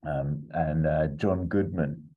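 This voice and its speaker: A man casually pitching a film plot as a podcast host, rambling, laughing often and swearing. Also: fairly even intonation, slow pace, phone-quality sound.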